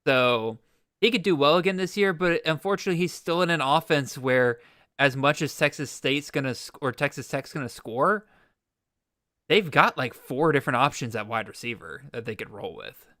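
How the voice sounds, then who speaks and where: Pushed and bright, this podcast host's medium-pitched voice is expressive and moves at a moderate pace as he runs a live-streamed fantasy draft. He thinks aloud with restarts and playful mock exasperation, and the recording is dry, with clean studio sound.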